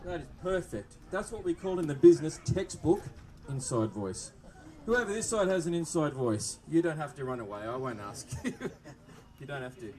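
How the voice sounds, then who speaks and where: A man with an Australian accent presenting a police demonstration to a crowd outdoors, joking and chatting with the children over a loudspeaker microphone. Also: a little high, very animated, normal speed. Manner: jokey, upbeat, chatting with the kids in the crowd. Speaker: police presenter at a public open day. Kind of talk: public address to a live crowd. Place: outdoor public event. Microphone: microphone through loudspeakers.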